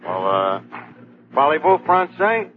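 Brash know-it-all tavern boss, bouncy high voice, phone-thin scratchy old radio. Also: male voice, big pitch swings, slow pace. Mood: scheming. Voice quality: brash, wisecracking, pompous. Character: fast-talking scheming male tavern manager. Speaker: comic lead in a radio comedy. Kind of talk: 1940s radio comedy acting. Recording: scratchy old radio broadcast, tinny and hissy.

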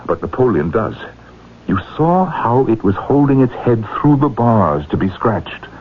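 An actor playing an anxious, haunted professor in a radio drama, hesitant and stammering. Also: male voice, medium pitch, very animated, unhurried. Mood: agitated. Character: anxious, haunted middle-aged male professor. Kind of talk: 1960s radio drama acting. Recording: tinny phone-like old radio audio with faint noise.

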